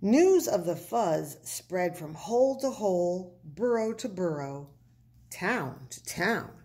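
A woman reading a children's picture book aloud, very expressive, with animated sound effects. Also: on the low side, takes it slowly. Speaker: storybook reader.

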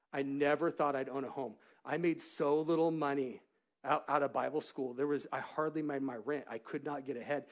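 A middle-aged man preaching a church sermon, telling personal stories in an animated way that rises into shouts of praise. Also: mid-range voice. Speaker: pastor. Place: church sanctuary.

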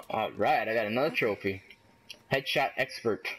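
A man giving casual gameplay commentary, excitable and trash-talking, yelling at enemies and cheering himself on. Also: on the low side, a little slow, slight background noise. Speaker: gaming commentator.

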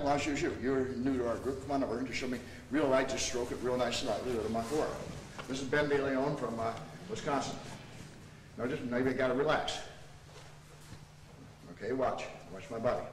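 A man's voice: mid-range voice, steady tone, a little fast. A man teaching a martial arts seminar, coaching students while demonstrating technique. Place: training hall at a seminar. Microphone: camera mic from a distance. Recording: echoey hall from far off, noisy.

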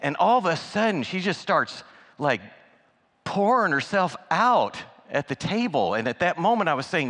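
A man's voice: fairly high pitch, normal speed. Man preaching in an echoing church. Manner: animated, acts out dialogue. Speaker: guest speaker. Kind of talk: sermon storytelling. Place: church sanctuary. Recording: long church hall reverb.

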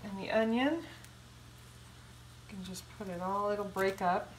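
Walking through each step of a casual cooking demonstration, a home cooking show host speaks in a chatty, folksy manner from her kitchen. Her mid-range voice runs a little slow, and the echoey recording, made with a somewhat distant mic, has a slight hiss or hum.

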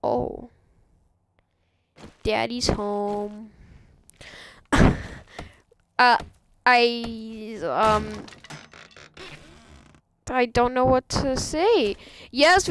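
Excitable high-pitched woman streaming a game. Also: drawn-out words, pauses often, a little hiss or hum. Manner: excitable, goofy, squeals and laughs often. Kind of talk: live gameplay commentary.

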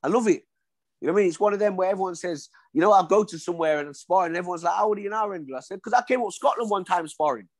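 Lively man telling boxing stories. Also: high-pitched, racing, dry recording. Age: 40s. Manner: animated storyteller, acts out dialogue. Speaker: guest, former boxer. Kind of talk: casual storytelling interview.

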